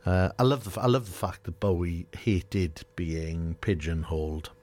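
A man's voice: sits low, fairly even intonation, moderate pace, darkish tone. A middle-aged man, hosting a radio show in a studio, chatting casually and running a quiz in a jokey, chuckling manner.

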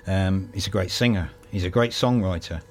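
A man's voice: sits low, moderate pace, a little mellow, slight background noise. A man hosting a music radio show, casually back-announcing tracks and rambling as he thinks aloud.

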